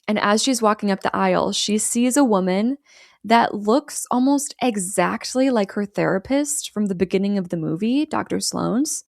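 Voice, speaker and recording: Young woman chatting, middle pitch, dry close sound, fast animated recap w/ quoted lines. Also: gravelly, no room sound. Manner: animated storyteller, quotes characters in quick bursts. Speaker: podcast co-host recapping a film. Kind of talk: casual chat.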